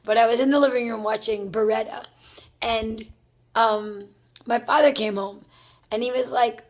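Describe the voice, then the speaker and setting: A woman's voice: fairly high pitch, fairly even intonation, moderate pace. A middle-aged woman from Brooklyn, telling a personal family story in a chatty, rambling way, full of "like" and "you know.". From Brooklyn, New York.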